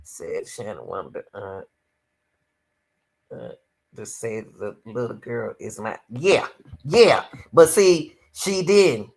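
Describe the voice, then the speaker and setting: This woman's voice is very deep, creaky, a little mellow and slightly rough, with lively intonation, and she takes it slowly. She's livestreaming court-case reaction commentary, emphatically talking to "y'all" and calling on the Lord often.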